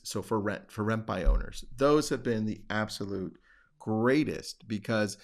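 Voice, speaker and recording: A man with a somewhat low voice and a rough, gravelly edge talks casually, like a coach on his own podcast. He keeps it conversational and now and then acts out phone calls in a livelier voice. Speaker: podcast host and real estate coach. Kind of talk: casual talk.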